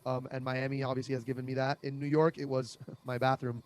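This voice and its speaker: A young man doing a conversational comic monologue, deadpan and absurd, with lots of fillers, over a video call. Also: medium pitch, brisk. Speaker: comedian. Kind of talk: stand-up style comic monologue.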